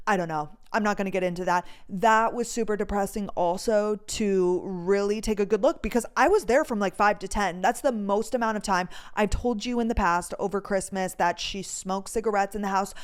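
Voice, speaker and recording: A woman's voice: medium pitch, normal speed, hardly any pauses, smooth. A young woman from North Dakota, hosting a podcast and telling stories in a rambling, casual way, full of "like" and the odd swear word. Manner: rambling, heavy use of "like", swears freely. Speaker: podcast host. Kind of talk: casual storytelling chat.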